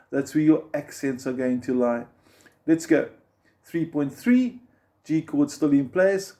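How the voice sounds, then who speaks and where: Pria guru gitar bersuara hangat dan agak tinggi. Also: male voice, fairly high pitch, moderate pace, dark tone. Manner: patient, counts beats aloud while strumming. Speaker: guitar teacher. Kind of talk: step-by-step guitar lesson. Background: guitar strumming.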